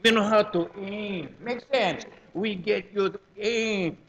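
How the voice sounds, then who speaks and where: Animated older man with a Hawaiian Pidgin accent. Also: sits high, slow, gravelly, dull audio. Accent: Hawaiian Pidgin English. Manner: animated, joking, repeats words in bursts. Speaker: presenter at a community gathering. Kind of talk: lively public talk.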